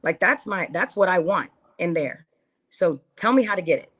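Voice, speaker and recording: A woman's voice: lowish voice, lively intonation, moderate pace, a bit bright, slightly rough. A woman guest talking candidly in an interview, earnest and heartfelt, repeating phrases for emphasis. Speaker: podcast guest.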